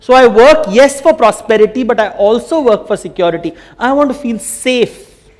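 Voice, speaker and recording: A man with an Indian accent giving a conference talk, telling stories in an animated way and slipping Hindi phrases in. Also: extremely high pitch, moderate pace. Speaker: speaker. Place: conference hall.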